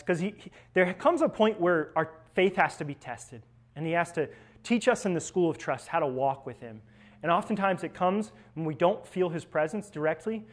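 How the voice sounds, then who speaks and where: A young man, a seminarian, giving a conversational spiritual reflection, telling stories and often checking in with tag questions. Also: fairly high pitch. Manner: storytelling, with frequent tag questions.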